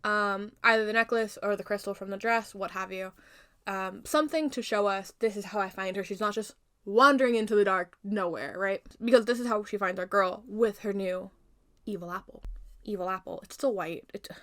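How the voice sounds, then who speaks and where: A young woman casually retelling a fairy tale in her own version, animated and jokey, with plenty of asides. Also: mid-range voice, normal speed. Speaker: youtuber retelling a story.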